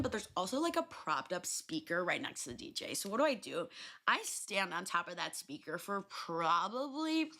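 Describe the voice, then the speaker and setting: A young adult woman hosting a podcast, telling stories in a loose, animated way, swearing freely and filling pauses with ums and likes. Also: medium pitch. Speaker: podcast host. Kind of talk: casual solo storytelling.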